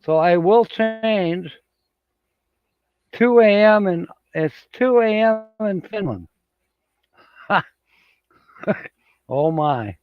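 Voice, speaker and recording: A man's voice: sits high, expressive, very slow, long pauses, dry recording, phone-quality sound. A man hosting a casual livestream, reading out viewer comments and chuckling often as he rambles along. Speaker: livestream host. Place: home studio with green screen.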